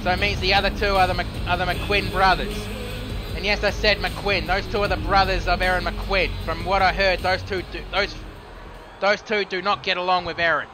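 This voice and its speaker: A man's voice: sits high, little pitch movement, moderate pace, music in the background. Chatty Australian man commentating a game. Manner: chatty, self-correcting, mutters at the game. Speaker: gaming streamer. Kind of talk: casual gameplay commentary.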